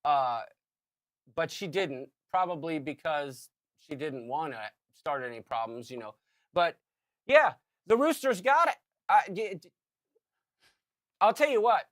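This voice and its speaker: A man in his fifties tells a story in casual chat, animated and loud whenever he acts out what was said. The sound is dry and close to the mic, with no room around it. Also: a little high, no echo. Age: 50s. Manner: animated storyteller, shouts acted quotes. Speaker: podcast co-host.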